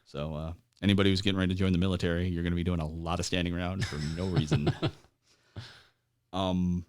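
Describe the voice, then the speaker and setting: Low-voiced veteran man telling stories haltingly. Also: a little mellow, clear, resonant tone. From United States. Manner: halting, many fillers, laughs at grim moments. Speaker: guest, military veteran. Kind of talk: conversational interview storytelling.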